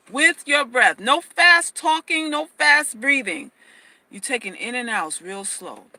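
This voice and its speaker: A woman's voice: on the high side, bright, forceful tone, poor audio. Emphatic woman giving livestream advice. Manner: emphatic, repeats phrases, stammers on restarts. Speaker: host. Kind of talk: casual livestream advice talk.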